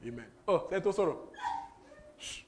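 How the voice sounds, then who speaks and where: Young Nigerian preacher, Nigerian English accent, fairly high voice, very lively delivery, repeats himself for emphasis. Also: male voice, moderate pace, background noise. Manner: animated, repetitive, breaks into laughter and pidgin. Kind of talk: sermon.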